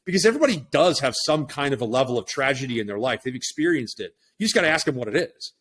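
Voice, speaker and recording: His voice is mid-range, bright and expressive, moving at a quick pace as this middle-aged man chats reflectively on a podcast. Casual throughout, he punctuates his thoughts with a questioning "right?"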